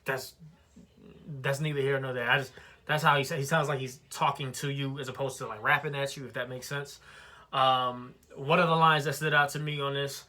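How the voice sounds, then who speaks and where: Bright-voiced man casually reviewing an album. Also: medium pitch, steady tone, normal speed. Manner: conversational, loose, with many fillers and restarts.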